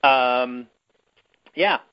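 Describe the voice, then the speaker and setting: A man in casual podcast chat, rambling through a recap with an irreverent, offhand manner. His voice sits at an ordinary middle pitch. The recording sounds a little dull and lo-fi. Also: extremely slow, clear, resonant tone. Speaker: podcast host.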